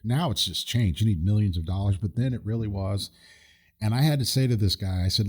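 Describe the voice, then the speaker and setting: A man's voice: fairly low pitch, a little fast, slightly rough. A man hosting a casual podcast, telling a story in an indignant, rambling way with frequent restarts. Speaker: podcast host.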